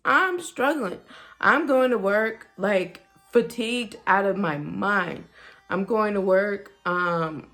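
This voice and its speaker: Woman vlogger, unhurried and gravelly, chatty personal storytelling to camera with faint music underneath. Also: mid-range voice. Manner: chatty, animated, with frequent fillers and quoted dialogue.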